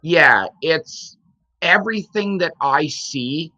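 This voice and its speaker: A man's voice: on the high side, animated, takes it slowly, sharp tone, dry recording. A man in a friendly debate who talks hesitantly and apologetically, with many restarts. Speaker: debate guest. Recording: dull lo-fi dry sound.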